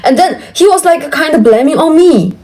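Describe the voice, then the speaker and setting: Exasperated woman venting, fairly high voice. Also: moderate pace, poor audio. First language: Tibetan. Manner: animated, exasperated venting with many fillers. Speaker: vlogger. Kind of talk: venting on a phone call.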